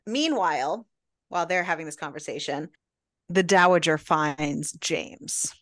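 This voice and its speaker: A woman's voice: deep voice, animated, unhurried, a bit bright, dry recording, clean studio sound. A woman co-hosting a casual book-club podcast, animatedly retelling scenes and acting out the characters' lines. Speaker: podcast co-host.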